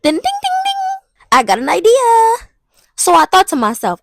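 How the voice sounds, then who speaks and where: A woman's voice: sits high, huge pitch swings, moderate pace, vocal fry, long pauses, no room sound. A young woman telling a dramatic, slangy storytime vlog. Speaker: vlogger. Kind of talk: casual storytime monologue.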